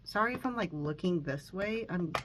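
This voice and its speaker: A woman's voice: on the low side, lively intonation, normal speed, noisy background. A woman chatting while doing her makeup at home, recording on her phone. She rambles with lots of fillers, sounds a bit nervous, and is sniffling from allergies. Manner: rambling and self-conscious, with many fillers and restarts. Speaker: makeup vlogger. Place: room at home.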